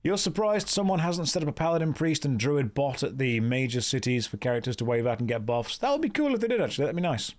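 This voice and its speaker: A young man with a Midwest American accent, chatting through a game stream at an easy middle pitch. He reads his chat aloud and answers it with dry, teasing humor, switching between jokes and quick game notes. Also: sing-song. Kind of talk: casual live-stream commentary.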